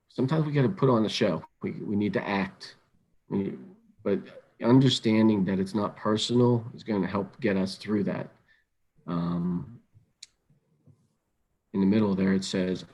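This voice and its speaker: A middle-aged man presenting an instructional webinar, calm and measured, often repeating words as he thinks aloud. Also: lowish voice. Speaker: webinar presenter on crisis intervention.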